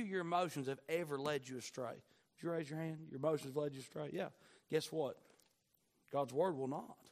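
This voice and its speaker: A man delivers a sermon in a high, bright-edged voice. He swings between hushed, intimate asides and fervent climaxes, drawing out key words for emphasis. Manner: impassioned, surging from quiet to near-shouting. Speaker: pastor.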